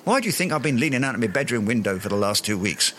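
A man's voice: medium pitch, big pitch swings, quick pace, pushed and bright, slight background noise. A man doing a pompous, grandiloquent Englishman. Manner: grandiloquent, long-winded, flowery words. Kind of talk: radio sitcom acting.

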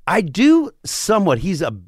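A man's voice: high voice, wildly swooping pitch, moderate pace, slightly rough, no echo, clean studio sound. A man in his forties from northern Florida, telling a story in a casual, profane way and acting out the quotes. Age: 40s. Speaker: podcast guest.

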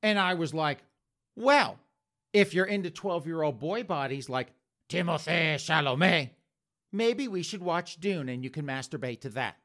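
A man's voice: a little high, expressive, normal speed, fairly bright tone. A man voicing a sleazy, defensive man who makes flustered, indignant excuses.

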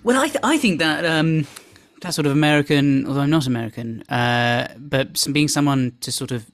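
A man's voice: a little high, brisk, a bit bright. A man chatting as a guest in a hesitant, slightly formal way. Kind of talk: casual chat.

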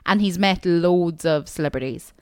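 A woman's voice: lowish voice, moderate pace, darkish tone, clean tone, no room sound. A young woman, co-hosting a podcast in casual chat, teasing and sarcastic. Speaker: podcast co-host.

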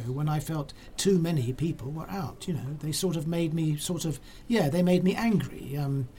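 A hospital worker telling an anecdote for a documentary, chatty and animated. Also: medium pitch, a little hiss or hum.

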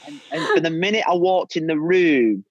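A middle-aged man with a slightly high speaking voice tells stories as a podcast guest. He trips over his own words, repeating them as he goes, and chuckles often. The dry studio sound has almost no room reflection. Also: animated, normal speed, no echo, dull audio. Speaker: podcast guest, former footballer. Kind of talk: anecdotal interview chat.

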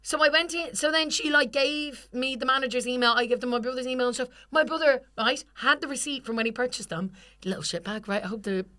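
Bright-voiced woman telling a story. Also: high voice, fast. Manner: animated, swears freely, acts out quoted people. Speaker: podcast co-host. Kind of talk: casual storytelling chat.

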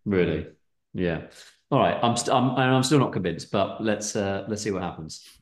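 A man's voice: on the low side, animated, normal speed, echoey room. A man hosting a comedy podcast, reading stories aloud in a hesitant, stumbling, giggly way.

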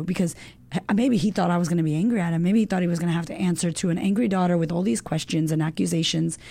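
Gravelly low-voiced woman telling an emotional story. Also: quick pace. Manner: animated, emotional storytelling with frequent fillers and swearing. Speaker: guest, women's coach. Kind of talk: casual chat.

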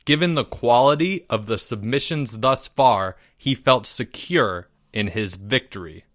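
Slow, bright-voiced male storyteller. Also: mid-range voice, no echo, clean studio sound. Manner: measured, expressive reading. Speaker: narrator. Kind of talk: storybook reading.

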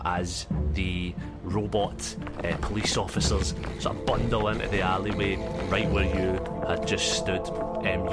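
A man runs a tabletop game in a fairly low voice, rambling and hesitant with plenty of ums. Clear music plays under his narration. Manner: rambling, many ums and sort ofs. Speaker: game master.

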